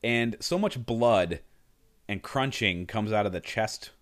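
A man's voice: on the low side, slow, a bit bright. A man co-hosting a casual movie podcast, animatedly retelling scenes and acting out lines. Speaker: podcast co-host.

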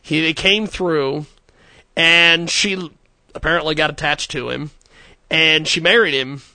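A man's voice: on the high side, fairly even intonation, a little slow, pushed and bright. A man hosting a casual studio talk show, rambling with stammered repeats and frequent laughter. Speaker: radio show host.

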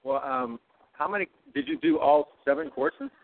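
A man's voice: fairly high pitch, lively intonation, normal speed. A man hosting a casual interview, asking short, easygoing questions. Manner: brief, easygoing reactions and questions. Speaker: host. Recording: tinny phone-like line with faint noise.

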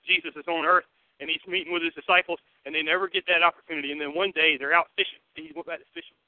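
A male pastor with a high voice, preaching a sermon. He moves from loud, emphatic bursts to quiet, hushed asides and keeps asking the congregation questions. The sound is dry and narrow, like it came over a phone line. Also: fairly even intonation, racing, dry recording. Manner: conversational, asks the congregation questions.

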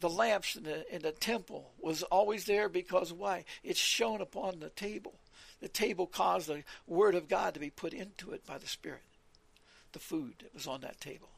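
A man with a gravelly, husky voice that sits high for a man, giving an earnest evening Bible talk. He rambles from point to point, reads scripture aloud and explains it, recorded dry and close. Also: normal speed, dry recording. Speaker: preacher.

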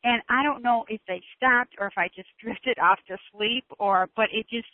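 A woman's voice: a little high, normal speed, no echo. A woman telling a chatty personal anecdote in a group call. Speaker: community call participant. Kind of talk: casual storytelling in a group call. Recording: dry phone-line audio.

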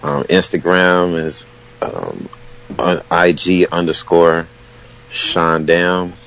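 This man is a musician guest on a radio show and answers in a laid-back way, with plenty of ums. His voice is extremely deep, and the recording sounds dull and lo-fi. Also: slow. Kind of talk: interview answers.

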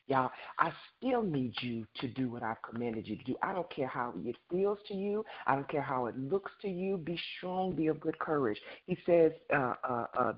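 Husky fervent preacher, muffled recording. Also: mid-range voice. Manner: fervent, repeats words, reads scripture aloud and calls out to the congregation. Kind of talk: sermon.

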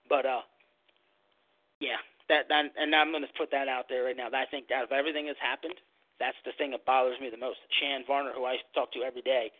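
A man's voice: mid-range voice, no room sound. A man hosting a podcast, delivering a blunt, heated rant and calling people out over an online voice call. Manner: blunt, ranting, calls people out. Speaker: podcast host. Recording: tinny call audio, dry.

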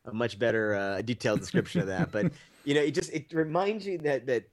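A man's voice: mid-range voice, brisk. A man co-hosting a movie podcast, telling stories in a rambling, profane, laughing way. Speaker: podcast co-host. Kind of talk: casual movie-review chat.

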